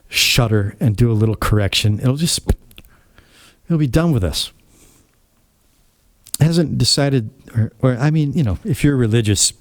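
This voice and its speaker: A man's voice: mid-range voice, darkish tone, no room sound, studio quality. A man hosting his own channel, telling a casual story in a rambling, blunt and opinionated way. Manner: rambling, acts out quoted dialogue. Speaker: channel host.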